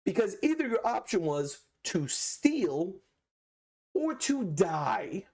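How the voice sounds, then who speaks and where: A man's voice: sits high, very animated, slow pace, darkish tone. A young man hosting a history video, telling events with sarcastic, mock-incredulous asides.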